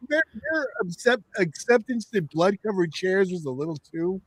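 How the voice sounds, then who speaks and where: A man's voice: sits high, sing-song, moderate pace, fairly bright tone, no echo. A man hosting a podcast in casual chat, swearing freely.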